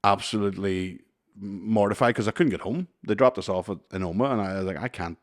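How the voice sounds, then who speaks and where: A podcast co-host in his thirties casually tells a long, funny story in a lowish voice at a fairly quick pace. He's animated, swears a lot, and laughs in the middle of the tale.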